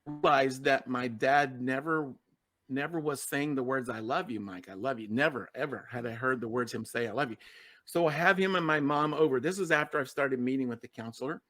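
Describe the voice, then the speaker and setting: A man's voice: mid-range voice, fairly quick, a bit bright. A middle-aged man telling a personal story as a podcast guest, earnest and emotional, often repeating words for emphasis. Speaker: guest, success coach.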